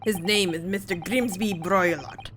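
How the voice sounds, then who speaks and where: A woman's voice: fairly low pitch, unhurried, noisy background, close to an everyday voice. A woman voicing a curt, hostile male ship guard in a put-on Russian accent and broken English, reading game dialogue aloud.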